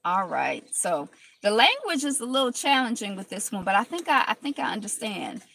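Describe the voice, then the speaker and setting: A woman's voice: medium pitch, very animated, moderate pace, creaky, fairly bright tone, slight background noise. A woman with a cold, hosting a casual live stream from inside a car, chatting with viewers and greeting them by name. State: has a cold.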